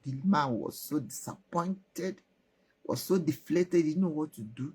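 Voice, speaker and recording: A woman with a Nigerian accent telling stories and giving relationship advice, animated and asking the listener questions. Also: low voice, unhurried, husky. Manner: animated, repeats words, asks the listener questions. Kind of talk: storytelling advice talk.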